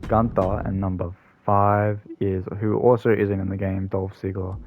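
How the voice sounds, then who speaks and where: A man's voice: low voice, flat delivery, normal speed, phone-quality sound, faint music behind. A man hosting a gaming channel, giving rambling, casual commentary full of ums and self-corrections.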